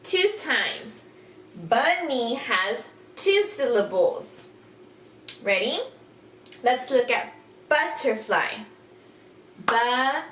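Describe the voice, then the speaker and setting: A woman teaching kindergarten phonics, sounding out letters and words slowly with exaggerated care and patient, encouraging questions. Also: a little high, sing-song, a bit bright, recorded from a distance. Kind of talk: recorded phonics lesson for young children. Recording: echoey room, off-mic, faint background hiss.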